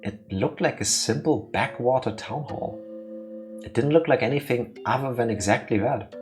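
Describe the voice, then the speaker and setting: A man's voice: mid-range voice, normal speed, faint music behind. A man co-hosting a let's play, reading visual novel text aloud and bickering playfully with his co-host. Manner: playful, bickering, mock-indignant. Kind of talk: casual chat and reading game text aloud.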